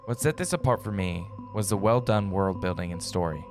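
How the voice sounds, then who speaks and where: A man reviewing games in scripted narration, using a put-on creepy, hushed and drawn-out delivery. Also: low-pitched, music in the background. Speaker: game reviewer.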